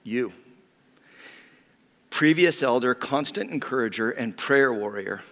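A man preaching a sermon as pastor, heartfelt and personal, often sinking to a hushed whisper. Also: medium pitch, expressive, takes it slowly. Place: church sanctuary. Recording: long reverb of a church hall.

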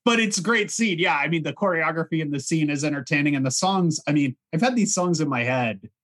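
A man's voice: fairly high pitch, fairly quick, a bit bright. A man co-hosting a podcast, chatting enthusiastically about a film and laughing easily. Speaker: podcast co-host. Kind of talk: casual film discussion.

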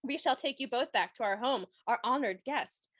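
A woman's voice: on the high side, normal speed, a bit bright, dry recording, studio quality. A woman doing a hissing spider monster. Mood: menacing. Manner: hissing, silky.

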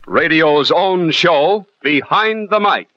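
A man reading a scripted program introduction with a measured, emphatic announcer cadence. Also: fairly high pitch, animated, heavy background noise. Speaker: radio announcer. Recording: lo-fi old radio broadcast with music.

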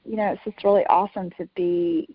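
A woman's voice: medium pitch, steady tone, fairly quick, slightly rough, no echo, phone-quality sound. A woman from North Carolina, a jewelry designer guest, talking in a rambling way full of "you know" and restarts. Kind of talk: casual interview.

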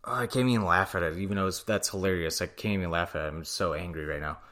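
A man with a low voice rants on a casual podcast, swearing freely as he talks through hockey news. He sounds worn out and says so himself. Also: steady tone, fast talker, a bit bright. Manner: profane, heated sports rant. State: tired. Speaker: podcast co-host. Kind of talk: casual chat.

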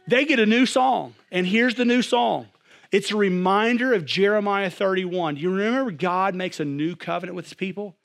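Young pastor, slightly high voice, animated, swings from loud to hushed. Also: male voice, a little fast. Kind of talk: sermon.

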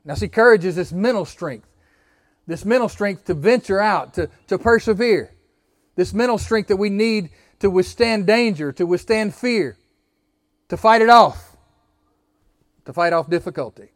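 High-voiced preaching man, dry sound. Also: normal speed, no echo. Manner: preaching with rising emphasis and call-and-response. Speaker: pastor. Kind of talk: sermon.

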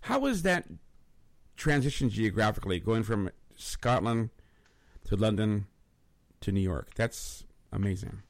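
A man hosts a casual talk show, rambling and restarting his sentences often. His low voice has a gravelly, creaky edge. The sound is close and dry. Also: animated, measured pace, pauses often, no room sound. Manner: rambling, many restarts and repeated words. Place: studio in Los Angeles.

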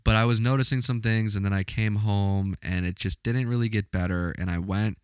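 A man's voice: on the low side, fairly even intonation, fairly quick, smooth, no room sound, studio quality. A man hosting his own podcast, talking casually and earnestly in a motivational way, often repeating himself for emphasis. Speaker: podcast host. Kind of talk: casual solo podcast talk.

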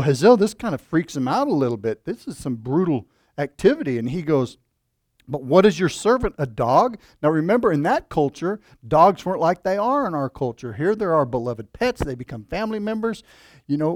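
Male preacher, conversational sermon delivery with rhetorical questions, slightly raised pitch, dry close recording. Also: sing-song, fairly quick, darkish tone, no echo. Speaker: pastor.

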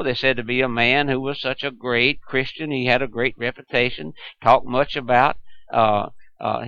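A man's voice: mid-range voice, creaky, bright, forceful tone, no room sound. A man preaching a radio sermon, speaking earnestly to the listener with many hesitations and restarts. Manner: earnest, addresses listener as "my friend". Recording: dull, lo-fi broadcast sound.

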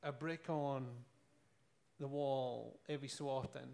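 A man's voice: mid-range voice, steady tone, a little slow, gravelly, a little mellow. A man with a Scottish accent preaching a sermon, telling stories earnestly and asking rhetorical questions.

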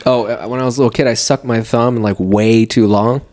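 A man's voice: medium pitch, fairly even intonation, a little fast, a little mellow. A man in casual chat, joking and playful in banter.

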